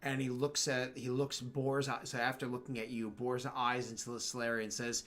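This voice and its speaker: A hoarse male game master narrating a tabletop role-playing game at a mid-range pitch. His voice cracks a little, and he rambles on with plenty of fillers. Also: completely flat delivery, fairly quick, hardly any pauses, fairly bright tone.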